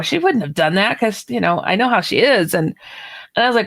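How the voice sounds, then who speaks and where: A woman's voice: medium pitch, normal speed. A woman author, a guest on a radio interview, telling a personal story and acting out the dialogue. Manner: animated storyteller who acts out quoted dialogue.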